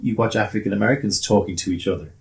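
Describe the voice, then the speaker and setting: A man's voice: on the low side, steady tone, rapid-fire, vocal fry. An older Irish man talking in a casual chat as a guest, rambling with restarts and repeated words. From Ireland.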